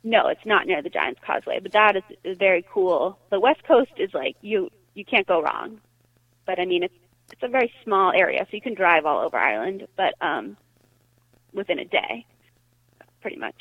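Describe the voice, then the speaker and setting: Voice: mid-range voice, sing-song, normal speed, no room sound. Podcast guest on a tinny phone line. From Massachusetts. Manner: hesitant, many fillers. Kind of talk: casual podcast chat. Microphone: phone or call line.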